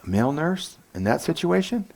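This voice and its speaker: Casting: a gravelly-voiced man preaching in a church, animated, playful. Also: brisk, slight background noise. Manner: animated, jokey, acts out quotes with big pitch jumps. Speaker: pastor. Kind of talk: sermon.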